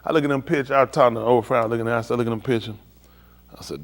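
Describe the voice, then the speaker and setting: A man's voice: medium pitch, very fast, vocal fry. An older man hosting a live stream, telling joking stories in casual chat and mimicking other people's voices.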